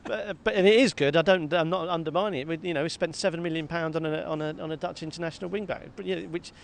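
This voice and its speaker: A man co-hosting a football podcast, talking in a lively, self-mocking way and often repeating words. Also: a little high, racing, vocal fry. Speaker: podcast co-host. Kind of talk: casual football chat. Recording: faint background noise.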